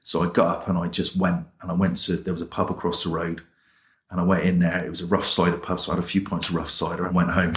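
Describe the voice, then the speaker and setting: This chaplain from England sits low in pitch with little movement, talking quickly in a fairly bright tone amid reverberation. Interviewed as a guest, he narrates his testimony in a colloquial, plain way, performing the dialogue he recalls.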